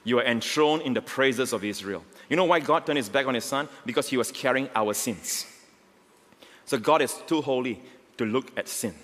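A male pastor preaching a sermon, emphatic and swelling to near shouts, often checking in with the congregation. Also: mid-range voice, normal speed. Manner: emphatic, rising to near shouts on key lines; repeats call-outs to the congregation. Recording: long hall reverb.

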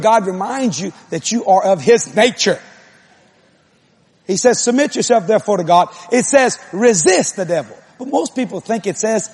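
A male preacher with a high, somewhat husky voice delivers a sermon. He talks casually and jokes with the congregation, then climbs into loud, emphatic repetition. The pitch runs high and the tone has a breathy edge.

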